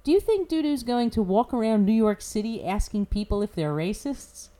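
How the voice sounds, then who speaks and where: Sarcastic woman with a mellow voice. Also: a little high, lively intonation, moderate pace. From United States. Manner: sarcastic, mocking, laughs at her own jokes. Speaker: podcast commentator. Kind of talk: scripted opinion commentary.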